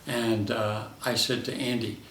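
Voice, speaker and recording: An older man, a veteran character actor, telling lively anecdotes from his career in an interview and acting out the voices in his stories. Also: fairly low pitch, measured pace, reverberant, far from the mic, slight background noise.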